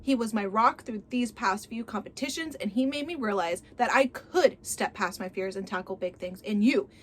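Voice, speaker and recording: A woman's voice: a little high, normal speed, natural voice. A woman voicing a young woman who insists, pleading and upset, that the man she loves was sincere. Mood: insistent, upset. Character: earnest young woman in love.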